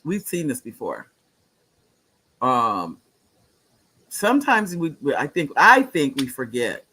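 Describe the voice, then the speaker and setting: A man's voice: medium pitch, huge pitch swings, slow pace, sharp tone, husky. A man in his late sixties hosting a live-streamed talk show, speaking earnestly, repeating phrases for emphasis, and reading viewer comments aloud. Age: 60s.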